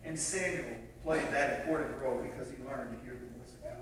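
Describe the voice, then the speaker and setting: A mid-range, fairly bright voice belongs to a pastor preaching quickly in a large church sanctuary, heard distantly through the hall's echo with slight background noise. He laughs at himself while telling a story full of acted-out voices.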